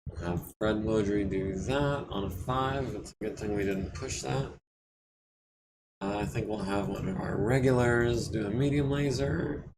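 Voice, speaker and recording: A man casually talking through repairs while streaming a strategy game, his throat a bit scratchy and often cleared. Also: lowish voice, measured pace. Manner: relaxed, thinking aloud while managing repairs. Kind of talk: casual let's-play commentary.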